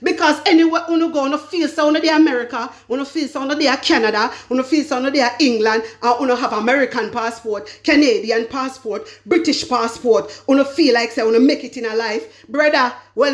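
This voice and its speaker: A woman's voice: high voice, fairly quick, hardly any pauses. A Jamaican woman giving a political commentary rant on her vlog channel, emphatic and scolding, repeating her points. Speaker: commentary vlogger.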